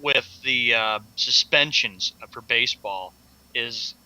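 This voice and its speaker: A man co-hosting a sports radio show, easygoing and quick to laugh in casual banter. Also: mid-range voice, sharp tone, poor audio.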